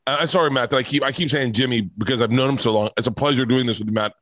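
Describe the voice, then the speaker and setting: A man's voice: mid-range voice, rapid-fire, fairly bright tone, no room sound. A middle-aged man telling stories in a casual podcast chat, rambling and swearing, getting choked up as he talks. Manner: rambling, profane, gets emotional and choked up. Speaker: comedian guest on a podcast.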